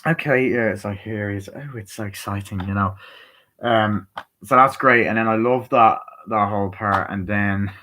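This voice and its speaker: A man's voice: lowish voice, fairly even intonation, normal speed, pushed and bright, poor audio. A man giving a casual spoken film review, rambling with lots of fillers and casual swearing. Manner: rambling, swears freely, retells scenes with heavy fillers. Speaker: movie reviewer.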